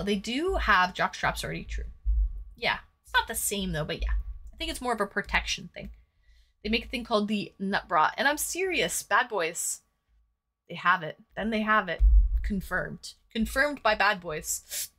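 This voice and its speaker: Painting live for viewers, a woman with a mid-range, bright and forceful voice speaks expressively at normal speed, casually reading out comments and tossing in crude jokes.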